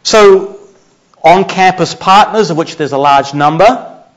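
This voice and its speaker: A man's voice: high-pitched, measured pace. Man with a Chicago accent giving a lecture. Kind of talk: academic talk. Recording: muffled lecture recording.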